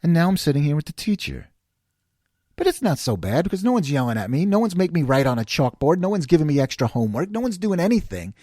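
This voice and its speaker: A man's voice: fairly high pitch, fast, no echo, studio quality. A man in his forties, a host delivering a sarcastic, ranting monologue. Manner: sarcastic, animated.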